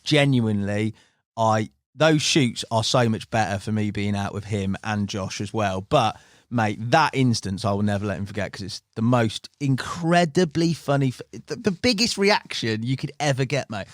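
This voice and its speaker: A man's voice: on the low side, moderate pace, dry recording, clean studio sound. Chatty man telling a story. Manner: animated storyteller, many fillers like "like" and "mate". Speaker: team member recounting stories. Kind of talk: casual podcast chat. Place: podcast studio.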